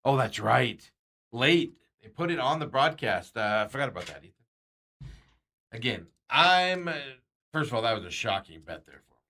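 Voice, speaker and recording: A man's voice: mid-range voice, big pitch swings, normal speed, sharp tone. A man hosting a sports radio show, chatting casually and rambling with frequent chuckles and self-corrections.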